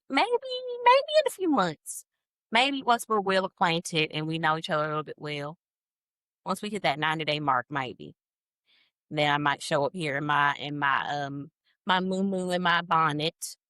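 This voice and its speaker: A woman's voice: deep voice, moderate pace, a bit bright, no echo. A woman in her twenties hosting a solo podcast, chatting in a rambling, self-mocking way into a podcast mic. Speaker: podcast host. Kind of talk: casual solo podcast chat. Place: podcast studio, on camera.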